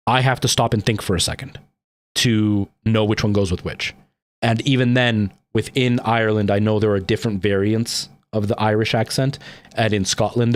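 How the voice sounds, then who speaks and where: A Canadian man streams a game and chats loosely with his viewers. His voice sits a little low, and his talk meanders with many "like"s and "um"s. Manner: rambling, with frequent "like" and "um". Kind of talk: casual chat with live-stream viewers.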